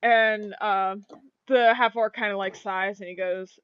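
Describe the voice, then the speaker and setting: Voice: mid-range voice, fairly even intonation, unhurried, muffled recording, a little hiss or hum. A game master narrating a tabletop game over voice chat, hesitant and full of fillers and restarts. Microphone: online voice chat.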